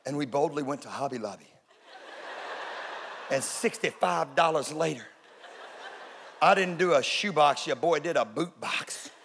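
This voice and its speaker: A Texan man in his forties, a pastor preaching a sermon, telling stories and building to loud peaks. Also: on the high side, animated, measured pace, gravelly, long pauses, a little hiss or hum. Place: church auditorium. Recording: large room with long reverb.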